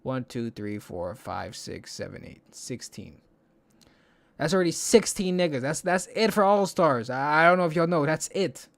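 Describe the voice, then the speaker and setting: A man's voice: on the high side, animated, moderate pace, gravelly. A young man hosting a solo podcast in casual chat, rambling and swearing, counting under his breath while he thinks aloud. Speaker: podcast host.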